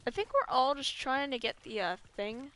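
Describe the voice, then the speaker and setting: Lisping young woman gaming, lively pitch. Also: moderate pace. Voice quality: slight lisp from braces. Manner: chatty, swears when frustrated. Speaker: gaming streamer. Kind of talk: casual gameplay commentary. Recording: music playing behind.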